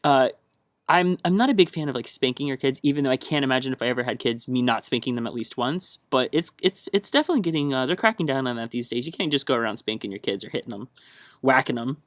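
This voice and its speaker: A man's voice: medium pitch, lively intonation, fast, no room sound. A young man from the American South talks on a solo podcast in a chatty, rambling way, laughing often. He sounds wired on caffeine, and his mid-range voice is recorded close and dry. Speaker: podcast host.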